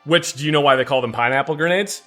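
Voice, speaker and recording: A man's voice: fairly high pitch, fast, sharp tone, faint music behind. A man from the United States co-hosting a game playthrough, explaining things at length in casual commentary with many fillers and restarts.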